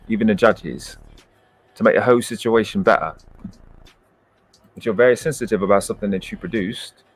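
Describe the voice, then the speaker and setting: A man's voice: lowish voice, husky. A man with a British accent hosting a livestream, giving brash, profane and boastful commentary into a close mic at home. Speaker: livestream host.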